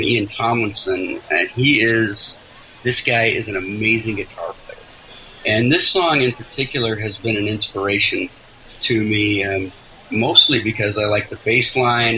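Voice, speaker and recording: A man talking casually as an interview guest, with a very bright, forceful voice. He is chatty and self-deprecating and often stumbles and restarts mid-sentence. Faint hiss sits under the recording. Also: on the low side, low-quality recording.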